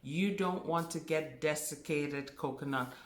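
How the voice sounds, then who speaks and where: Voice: mid-range voice, a little slow. A spiritual teacher giving a spoken class, stressing and repeating key words. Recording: roomy echo.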